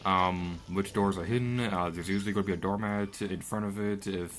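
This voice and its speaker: A man's voice: deep voice, fairly even intonation, a little fast, faint music behind. A young man from Florida hosting a let's play, rambling through game commentary and yelping and laughing at the action.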